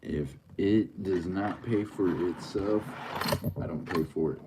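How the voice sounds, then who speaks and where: A man's voice: low-pitched, slow pace, background noise. A middle-aged man, hosting a livestream and teasing his chat in a joking, easygoing drawl. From Oklahoma. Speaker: livestream host.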